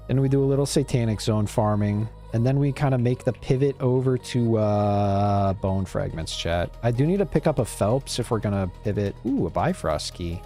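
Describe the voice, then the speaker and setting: A man's voice: lowish voice, expressive, normal speed, hardly any pauses, warm tone, soft background music. A man casually rambling to his chat while streaming a game, laid-back and swearing now and then. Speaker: live streamer. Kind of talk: casual gameplay commentary talking to chat.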